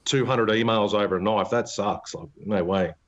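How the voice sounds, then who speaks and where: A man's voice: on the low side, normal speed, fairly bright tone. Chatty man hosting a podcast. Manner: chatty, laughs often, swears casually. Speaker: podcast host. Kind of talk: casual podcast chat. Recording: dull lo-fi podcast recording.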